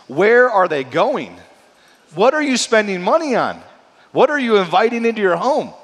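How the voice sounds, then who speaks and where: Pastor guy preaching, kinda high voice, lots of "right?", big church echo. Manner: animated, conversational preaching with frequent "right?". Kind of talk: sermon. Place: church sanctuary. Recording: long church hall reverb.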